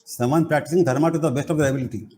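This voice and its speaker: A middle-aged man, giving an animated spiritual talk full of playful, emphatic rhetorical questions. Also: a little high, very fast. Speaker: spiritual teacher and college head.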